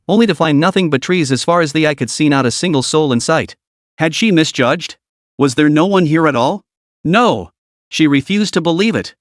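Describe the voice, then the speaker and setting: A man narrating a comic story recap in a dramatic, even read. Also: a little high, no room sound, studio quality.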